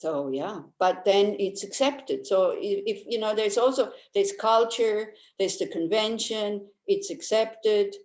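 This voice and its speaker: A woman's voice: medium pitch, unhurried, few pauses. Older woman teaching in a roomy space. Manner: chatty and anecdotal, with frequent restarts; warmly humorous, laughs easily. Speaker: Buddhist teacher. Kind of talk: informal Dharma teaching. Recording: roomy echo.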